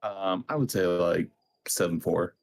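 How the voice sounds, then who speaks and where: A man's voice: low-pitched, unhurried, creaky. Hesitant young man playing a tabletop game. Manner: hesitant, stammering. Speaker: player. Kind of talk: casual tabletop role-play.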